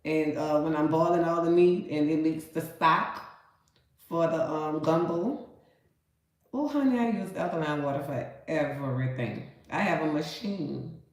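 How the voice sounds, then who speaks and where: A deep, nasal-voiced woman speaks a little slowly as she cooks and cleans meat on her cooking vlog. She's chatty and folksy, calling viewers baby and honey, and the room is very echoey.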